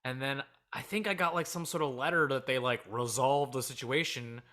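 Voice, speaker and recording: A man in his thirties tells a story from his own life in a relaxed interview. His voice is bright and forward, and his delivery is candid and loose, dropping low and quiet at times and then rising to laugh. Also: moderate pace. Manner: candid, drifting between laughing and subdued. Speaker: comedian guest.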